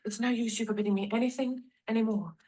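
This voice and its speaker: An actress as a resolute young Victorian wife. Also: female voice, a little high, quick pace, a little hiss or hum, close to an everyday voice, low-quality recording. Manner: calm, firm, resolute. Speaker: actress in a filmed play.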